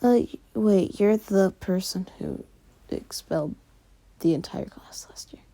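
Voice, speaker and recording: A woman voicing an eager young hero-student boy in a homemade fan story, with excited, breathy half-whispers. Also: mid-range voice, measured pace.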